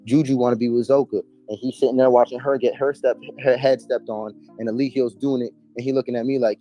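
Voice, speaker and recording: Man, mellow warm tone, emphatic, slangy, casual interview storytelling. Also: mid-range voice, steady tone, fast talker, hardly any pauses, soft background music. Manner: emphatic, profane, street slang. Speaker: interview guest.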